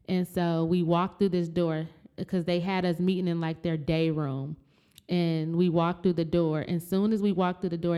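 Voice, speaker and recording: A woman's voice: fairly low pitch, clean tone. A woman telling a family story in casual chat, acting out heated quotes and swearing freely. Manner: animated, swears, acts out shouted quotes.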